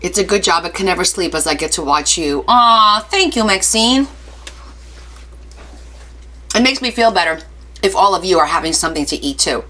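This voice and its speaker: A woman's voice: lowish voice, animated, normal speed, long pauses, pushed and bright. A woman hosting a casual craft live stream, chatty and playful, reading viewer comments aloud and answering them with jokey asides. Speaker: craft livestream host.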